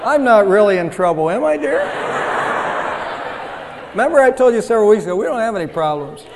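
A man preaching a sermon, his voice sitting high for a man. He talks in a conversational, self-deprecating way, and the sound rings with the long reverb of a church hall. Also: animated, racing, noisy background. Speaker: pastor.

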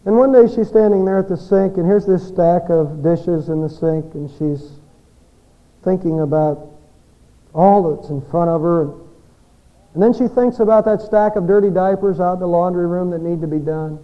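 Pastor, male, high tenor, dynamic sermon delivery that rises and falls, slightly lo-fi recording. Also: normal speed. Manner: dynamic preaching, swinging between loud peaks and hushed endings. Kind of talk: Christmas sermon with storytelling.

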